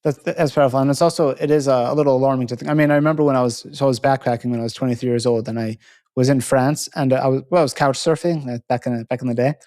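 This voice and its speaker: A man's voice: mid-range voice, fairly even intonation, very fast, darkish tone. A young man from Montreal, a podcast host, chatting casually and rambling through stories with lots of fillers. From Montreal, Canada. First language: English. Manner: rambling, many fillers and restarts, laughs easily. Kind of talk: casual interview chat.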